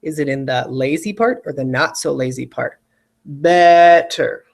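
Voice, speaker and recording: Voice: mid-range voice, animated, fairly quick, vocal fry. An adult spelling teacher giving a recorded video lesson, patiently repeating each word twice and checking in with students.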